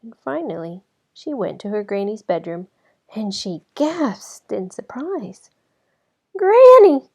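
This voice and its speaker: A woman reading a children's storybook aloud as narrator, in an expressive way that slows down for effect. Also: mid-range voice, breathy edge. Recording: slightly dull lo-fi recording.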